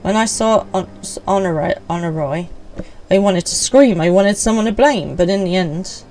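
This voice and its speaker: A woman's voice: lowish voice, moderate pace, a little mellow, close to an everyday voice, rough recording. A woman voicing a self-pitying young noble man, delivered in a theatrical, overwrought way. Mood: dramatic.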